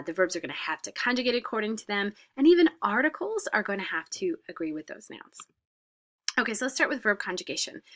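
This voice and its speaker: A woman's voice: mid-range voice, pushed and bright. A woman French teacher explaining grammar in a recorded lesson, patient, with frequent "uh" fillers and whispered examples.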